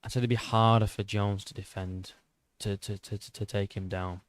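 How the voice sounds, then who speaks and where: Swearing British lad arguing on stream. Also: male voice, on the low side, flat delivery, moderate pace, dry recording. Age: 20s. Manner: swears often, restarts sentences, argues with a rough edge. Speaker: YouTube MMA channel host. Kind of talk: casual livestream chat reading viewer comments.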